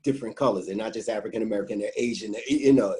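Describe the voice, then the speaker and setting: A man's voice: fairly low pitch, very fast, darkish tone, rough recording. A man being interviewed as an author, talking casually and animatedly, acting out his own thoughts and stumbling over fillers. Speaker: guest author.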